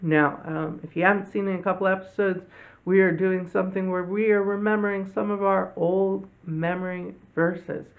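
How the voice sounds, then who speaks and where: A man hosting a children's church lesson, telling a Bible story slowly and gently to kids. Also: high-pitched, little pitch movement, vocal fry. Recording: tinny phone-like audio.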